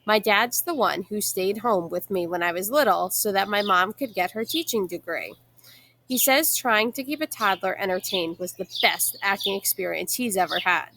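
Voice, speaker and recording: A woman reading a children's novel aloud in a steady narrating manner, with casual asides between chapters. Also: mid-range voice, normal speed, a little hiss or hum.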